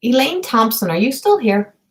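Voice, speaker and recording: Woman medium, soft searching voice, halting with fillers, near whispers at times. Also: a little high, sing-song, poor audio. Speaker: intuitive medium. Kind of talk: live-streamed psychic reading.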